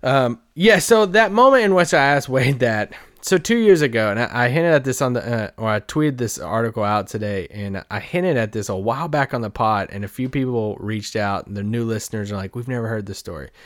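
A man's voice: medium pitch, fairly quick, hardly any pauses, fairly bright tone, no room sound. Guy on a podcast rambling thru a story, laughs a lot, dry sound no room. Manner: rambling, laughs often while telling the story. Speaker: podcast host and sports reporter. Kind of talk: casual anecdotal storytelling.

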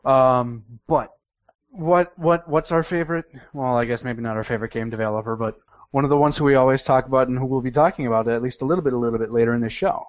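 A man's voice: mid-range voice, fast talker, dry recording. Chatty podcast co-host man, dry and dull sound. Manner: chatty, rambling, with frequent fillers. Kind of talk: casual chat.

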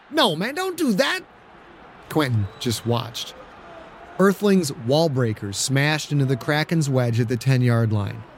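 A male audiobook narrator with a mid-range voice, telling the story in a steady, dramatic way. A faint hiss sits under his reading. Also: mid-range voice. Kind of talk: scripted narration.

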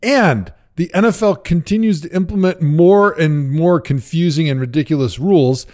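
A man's voice: a little high, normal speed. A man in his thirties co-hosting a sports podcast, telling stories and giving opinions with frequent laughter. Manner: animated storyteller, laughs often. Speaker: podcast co-host, former pro football player. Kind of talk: casual chat.

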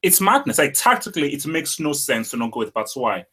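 A man's voice: on the high side, very animated, fairly quick, sharp tone, husky. A man co-hosting a casual football podcast, arguing his points emphatically and often repeating words as he starts a sentence. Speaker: podcast co-host.

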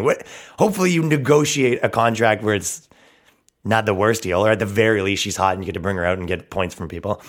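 A man rants on his comedy podcast in a brash, crude way. He mocks freely and swears often. His pitch sits in an ordinary middle range for a man. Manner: profane, mocking, brash. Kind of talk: crude ranting podcast talk.

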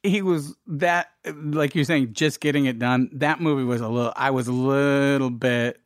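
A middle-aged man, a filmmaker guest, telling lively anecdotes in a casual interview and acting out quoted dialogue. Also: mid-range voice, normal speed, no echo, studio quality.

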